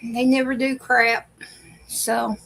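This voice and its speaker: A woman's voice: a little high, flat delivery, slow, gravelly, fairly bright tone, low-quality recording. A woman hosting a casual reaction vlog, telling family stories in a chatty way and laughing often. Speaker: video host.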